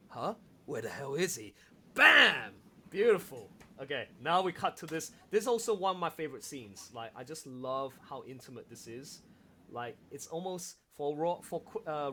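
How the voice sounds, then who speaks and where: A man directing an audio drama, hosting a casual, excitable watch-along and laughing often as he gushes about scenes. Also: fairly high pitch, a little hiss or hum. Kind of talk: casual commentary chat.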